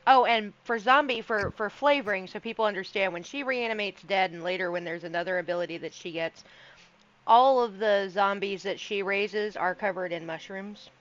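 A woman's voice: mid-range voice, moderate pace, highs cut off. A woman playing a tabletop game, explaining her character's details. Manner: explains rules and character flavor. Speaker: player. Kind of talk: tabletop role-play chat.

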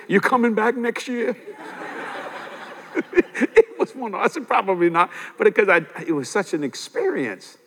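An older man delivers a sermon in a slightly high voice, spinning lively stories with chuckles and driving his main points home by repeating them. His voice carries a long reverb, as if he is recorded in a large church hall. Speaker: preacher.

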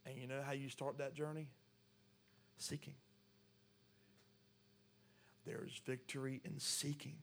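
A man's voice: mid-range voice, flat delivery, moderate pace, gravelly, fairly bright tone. A man preaching a sermon, reading scripture aloud and then pressing his point with rising intensity. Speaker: pastor.

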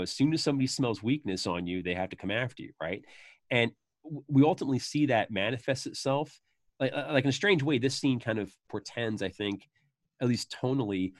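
A man chatting casually as a podcast host, retelling film scenes and breaking into high, animated voices for the quoted lines. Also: dry recording, clean studio sound. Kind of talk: casual chat about a film.

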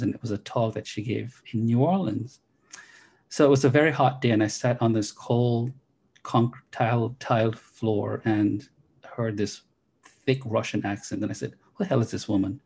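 A man's voice: mid-range voice, fairly even intonation, normal speed, a little mellow, breathy edge. A middle-aged man from Jamaica, telling his story as an interview guest in articulate, elaborate phrasing. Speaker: interview guest, philosophy professor.

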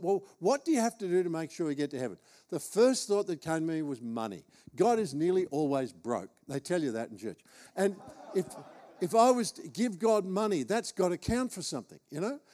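A man's voice: fairly high pitch, darkish tone. A man with an Australian accent, preaching as he tells a humorous, self-deprecating personal story. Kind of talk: storytelling sermon.

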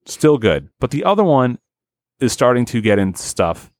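A man hosting a casual podcast, ranting in an exasperated, profane, animated way. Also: medium pitch, moderate pace, no echo. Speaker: podcast host.

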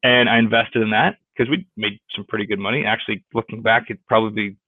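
A man talks through his career in a relaxed interview, circling back with restarts and acting out the people in his story. His voice comes through a narrow, tinny line with no room sound. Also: on the low side, quick pace, no room sound. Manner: rambling, with many restarts and quoted dialogue. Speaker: real estate agent. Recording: tinny phone-like line, dry.

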